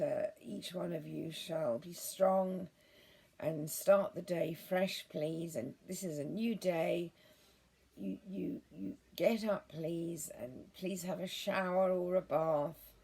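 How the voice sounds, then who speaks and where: Very husky, gravelly woman vlogger. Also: on the low side, steady tone, slow pace. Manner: gentle, earnest, meandering with many restarts. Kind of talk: rambling monologue to viewers.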